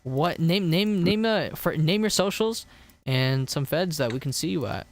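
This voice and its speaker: A man's voice: on the high side, lively intonation, normal speed. A young man hosting a casual podcast, chatty and loose, swearing and trailing off with ums. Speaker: podcast host.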